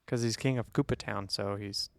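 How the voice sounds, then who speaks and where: Gravelly man teasing on a podcast. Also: on the low side, fairly even intonation, fairly bright tone, no room sound, clean studio sound. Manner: playful, teasing, quick to laugh. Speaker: podcast co-host. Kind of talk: casual chat, movie review.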